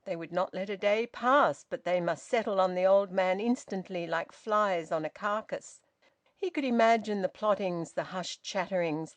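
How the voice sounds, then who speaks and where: A woman narrating a classic novel in a measured, even audiobook reading. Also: mid-range voice, no echo. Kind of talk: scripted narration.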